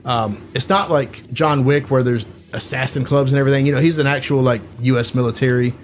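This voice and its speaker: A man's voice: mid-range voice, steady tone, brisk, a little hiss or hum. A man co-hosting a podcast, casually retelling a movie plot in a rambling way, full of "like" and "you know.". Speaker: podcast co-host.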